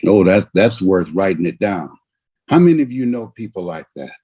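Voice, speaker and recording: An older man giving a motivational speech in a husky voice, preaching with big swings between shouts and low murmurs. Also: lively intonation, normal speed. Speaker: motivational speaker. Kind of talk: motivational speech on a video call.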